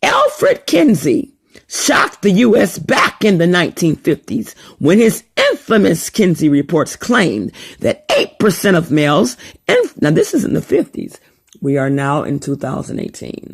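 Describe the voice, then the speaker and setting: An older woman ranting on a vlog in an animated, mocking way. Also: unhurried, vocal fry, husky. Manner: animated and mocking, with wide pitch swings. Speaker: vlogger.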